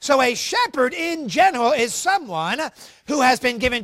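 Man preaching, high voice, lively pitch, emphatic, dry close sound. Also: moderate pace, dry recording. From United States. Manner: emphatic, swings between loud emphasis and quiet asides. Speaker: pastor. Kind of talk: sermon.

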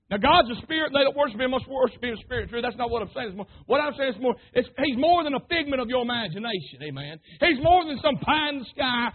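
A man preaching a sermon, fervent and calling out to his congregation, sometimes rising to shouts. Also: extremely high pitch, expressive, fast talker, hardly any pauses. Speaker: pastor. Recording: tinny phone-like sermon recording.

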